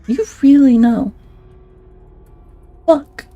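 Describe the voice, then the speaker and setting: Giggly streamer woman, mellow higher voice. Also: extremely slow, dry recording, muffled recording, soft background music. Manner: giggly, self-conscious, swears a lot. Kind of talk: casual live-stream chat.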